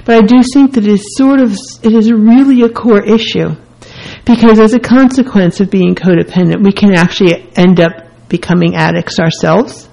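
A woman's voice: medium pitch, steady tone, moderate pace, vocal fry, dark tone, poor audio. A woman hosting a self-help radio talk, speaking earnestly and candidly in short repeated phrases. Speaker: radio host.

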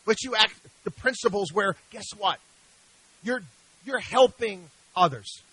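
Emphatic high-voiced male radio host. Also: measured pace, pushed and bright, slightly rough, low-quality recording. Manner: emphatic, preachy, rhetorical questions. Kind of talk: opinionated radio monologue.

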